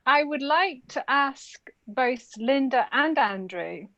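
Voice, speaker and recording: A woman asks a question over a video call, speaking slowly and hesitantly, pausing to find her words. Her voice is slightly raised in pitch and sounds close and dry. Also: expressive, sharp tone, no room sound, muffled recording. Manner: hesitant, thoughtful, pauses with fillers. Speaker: participant asking a question. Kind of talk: casual video-call chat.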